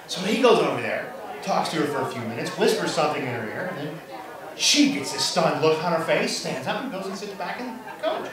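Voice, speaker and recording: Animated joke-telling man, echoey room. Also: brisk. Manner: acts out characters with big jumps in pitch. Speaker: amateur joke teller. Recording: echoey room from far off, crowd behind.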